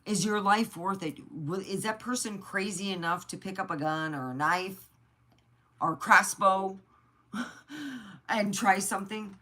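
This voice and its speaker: A woman's voice: medium pitch, measured pace, bright, forceful tone. A middle-aged woman from the United States telling personal stories in a blunt, chatty way and swearing freely. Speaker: vlogger. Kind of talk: casual storytelling.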